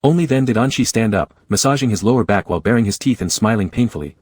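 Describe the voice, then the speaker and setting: A man narrating an audiobook in a steady, measured storytelling voice. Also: lowish voice, slightly rough, no echo. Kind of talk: scripted narration.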